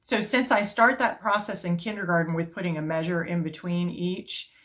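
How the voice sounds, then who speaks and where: A middle-aged woman, an elementary music teacher, explaining her classroom routine step by step and chanting rhythm syllables to a steady beat. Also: on the low side, normal speed. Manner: explains step by step in a calm, practical way. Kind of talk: teaching video demonstration.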